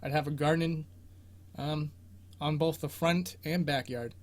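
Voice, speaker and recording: A man's voice: fairly high pitch, steady tone, unhurried. A young man hosting a casual livestream Q&A about a video game, rambling and self-deprecating and laughing often, speaking from his bedroom. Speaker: host of a game exploration show.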